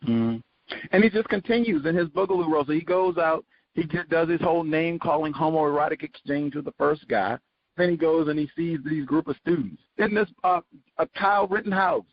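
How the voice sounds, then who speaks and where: Guy hosting a radio book talk, husky voice, kinda high, sarcastic asides, dull lo-fi sound. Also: normal speed. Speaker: host. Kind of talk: book study commentary.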